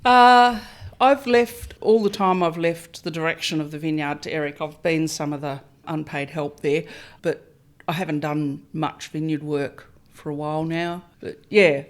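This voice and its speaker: A woman's voice: sits low, steady tone, a little slow. A middle-aged Australian woman from Melbourne, a winemaker, answering interview questions in a chatty, self-deprecating way with small hesitations. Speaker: winemaker, guest.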